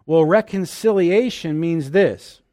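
A preacher delivers a sermon in a slightly high voice. He is emphatic, rising to loud declarations and dropping to hushed asides as he acts out the lines he quotes. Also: slow pace.

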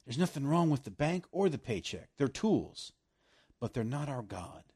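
A man preaching a sermon, swinging from loud emphasis down to hushed, almost whispered lines. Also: medium pitch, very animated, normal speed, husky.

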